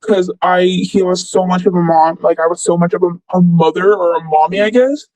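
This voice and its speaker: A woman's voice: lowish voice, steady tone, fairly quick, mellow, no room sound, low-quality recording. A young woman telling a story casually, rambling and filling with "like" and "blah, blah.". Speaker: former friend recounting events.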